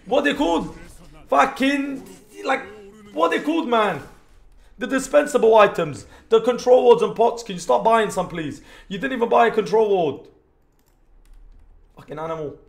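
A young British man, a streamer, giving crude, joking live commentary on his game with sudden shouted outbursts. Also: extremely high pitch, lively intonation, moderate pace, gravelly, pauses often. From Britain. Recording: roomy echo.

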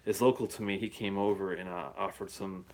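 A middle-aged man with a fairly low voice chats loosely through a live stream. He rambles, restarts and chuckles between thoughts, speaking into a phone-style device. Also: fairly even intonation, fairly quick. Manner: rambling and chatty, with frequent fillers and chuckles. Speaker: whisky reviewer hosting a live show. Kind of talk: casual live-stream chat. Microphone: phone or handheld device he plugs in and holsters.

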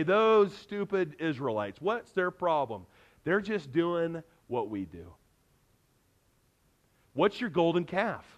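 Earnest preaching man, slightly high voice. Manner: earnest, conversational preaching with wide swings in loudness. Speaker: pastor. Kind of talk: sermon. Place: church sanctuary.

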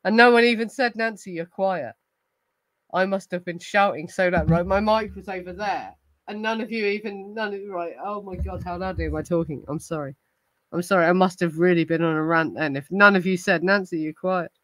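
A woman with a steady, lowish voice speaks briskly on a rough recording with no echo. Hosting a true crime livestream, she's tipsy from gin and rants in a rambling casual chat laced with heavy swearing.

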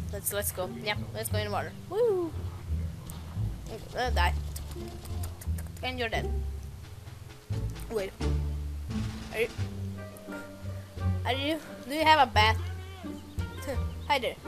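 A woman giving excited gameplay commentary who taunts enemies and keeps exclaiming. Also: medium pitch. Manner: frequent exclamations and repeated words. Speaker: gameplay video maker. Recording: music playing loud behind voice. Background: background music and game sounds.

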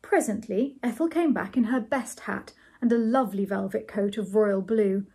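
A woman reading a novel aloud as storybook narration, measured and lightly amused. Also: medium pitch, warm tone, breathy edge. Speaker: reader of a novel.

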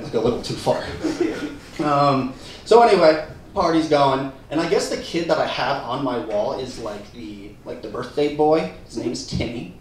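An animated young man telling a stand-up story, his pitch swinging high and lively. He sounds a bit higher than most men. The mic picks him up from a distance in a very echoey theater, with faint background noise. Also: moderate pace, a crowd in the background. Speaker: stand-up comedian. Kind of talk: stand-up comedy set. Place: theater stage with live audience.

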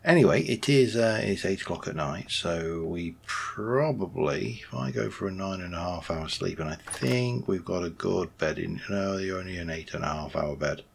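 A man's voice: deep voice, normal speed, gravelly, hardly any pauses, breathy edge. A man rambling casually as he plays a game, thinking aloud and correcting himself. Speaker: Minecraft let's play host. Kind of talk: casual gameplay commentary.

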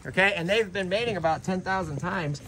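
Energetic high-voiced man hosting outdoors. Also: brisk, a little hiss or hum. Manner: energetic, animated, keeps asking "right?". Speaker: tortoise sanctuary host. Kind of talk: casual outdoor vlog demonstration. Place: outdoors at a tortoise sanctuary.

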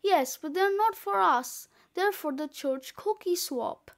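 A polite older grandfather explains things in a mild, dry way, as a woman reading a storybook puts him on. His lines come slowly and high. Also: lively intonation, heavily acted.

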